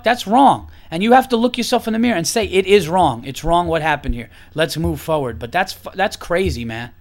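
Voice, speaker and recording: A man in his thirties with a high voice delivers a furious, profane podcast rant. He hammers his points over and over with emphatic, heated repetition. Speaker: podcast host. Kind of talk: angry opinion rant.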